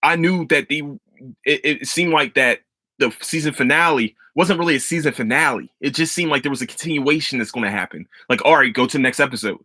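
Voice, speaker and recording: A man hosting a casual solo podcast, talking loosely and excitedly with plenty of swearing. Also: medium pitch, fairly quick, no room sound. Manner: loose, profane, excitable storytelling. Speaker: podcast host.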